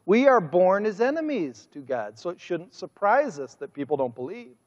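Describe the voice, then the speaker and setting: A man preaching a sermon as pastor, speaking with drawn-out emphasis and a mocking, sarcastic edge. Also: sits high, big pitch swings, a little mellow. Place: church sanctuary. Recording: muffled sermon audio with long church reverb.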